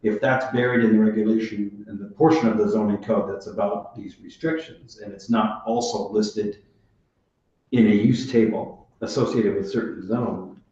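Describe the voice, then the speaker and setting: A man speaking as a city alder at a committee meeting, talking in a deliberate, measured way with some restarts. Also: on the low side, steady tone, dark tone. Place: council chamber. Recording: echoey council chamber, dull sound.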